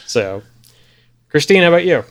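A man's voice: fairly high pitch, moderate pace, smooth. A man casually talking through a film on a podcast, rambling with lots of fillers. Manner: relaxed, rambling, frequent fillers.

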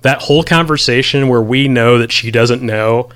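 In a casual podcast chat about a movie, a man rambles with lots of ums and reads quotes aloud from his notes. His mid-range voice is smooth and a bit bright, at a normal speed.

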